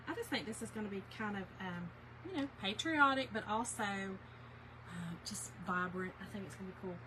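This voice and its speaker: A woman's voice: mid-range voice, normal speed, noisy background. A woman chatting with viewers by name while she demonstrates a craft project on a livestream, with many fillers. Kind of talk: casual livestream craft tutorial.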